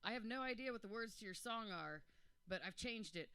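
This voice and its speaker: A man's voice: high-pitched, lively intonation, brisk, pushed and bright, smooth, no room sound. A man in his forties, overwhelmed and joking, rambling through thank-yous to friends at his birthday roast. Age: 40s. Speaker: birthday roast guest of honor.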